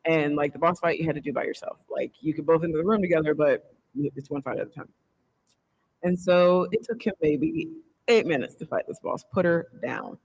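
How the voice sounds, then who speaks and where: A woman on a convention panel telling a story in a casual, animated way and laughing often. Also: sits low, fairly quick, vocal fry, husky, lo-fi sound.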